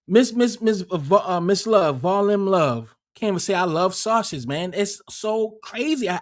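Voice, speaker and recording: A man hosting a livestream, rambling and joking in crude, profane casual banter. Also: high voice. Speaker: livestream host.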